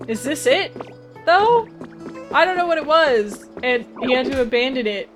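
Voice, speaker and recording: Excitable female let's-play host, higher voice, light music under her, bubbly and self-deprecating. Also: normal speed. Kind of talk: casual game commentary.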